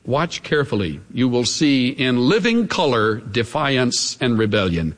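A man preaching a sermon to a congregation, swinging between emphatic highs and hushed, low asides. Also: sing-song, measured pace. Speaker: pastor. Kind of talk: radio broadcast sermon. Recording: long hall reverb from a live sermon.

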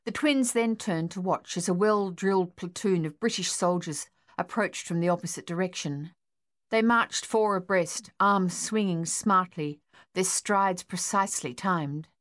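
A woman with a lowish voice reads from a novel, working as an audiobook narrator. Her pacing is even and measured throughout the scripted narration.

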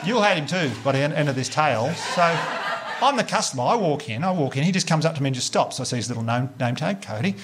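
A man's voice: a little high, fast talker, noisy background. Sweary Australian man doing stand-up. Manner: laid-back, sweary, deadpan storytelling. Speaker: stand-up comedian. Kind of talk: stand-up comedy set. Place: live comedy venue with audience laughter.

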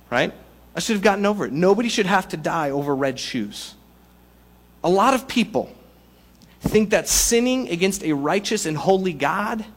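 A man preaching a sermon to a congregation, in a conversational, animated way with playful asides. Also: a little high. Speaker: pastor.

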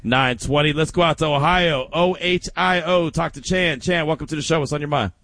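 A male sports radio host with a high, bright voice who jumps into laughter and mimics his callers. The sound is dry and close. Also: brisk, no room sound.

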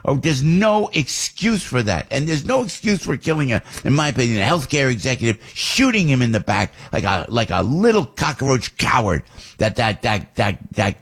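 A middle-aged man talks into a studio microphone as a radio host, airing his opinions with heat. His pitch swings widely, rising high on outbursts and sinking into low, confiding asides. The voice has a husky, slightly rough grain. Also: big pitch swings, moderate pace. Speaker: radio talk show host.

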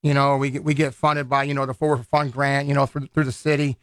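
A man's voice: medium pitch, flat delivery, fast, dry recording. A man, a boxing event organizer chatting loosely in a radio studio interview, full of restarts and fillers. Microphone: studio microphone.

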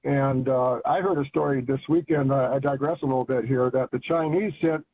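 An older man calls in over a tinny, phone-like line. His voice sits a little higher than most men's, husky and dry. He rambles on eagerly in folksy, colloquial talk. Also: dry recording. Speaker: caller. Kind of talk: phone-in chat.

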